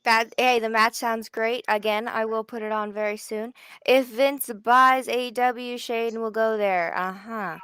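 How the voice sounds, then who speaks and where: A woman's voice: fairly high pitch, steady tone, a little slow, fairly bright tone, clear, resonant tone, dry recording. A woman from Canada co-hosting a live wrestling watch party, chatting casually, laughing often and trailing off mid-thought. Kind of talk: casual live-stream chat.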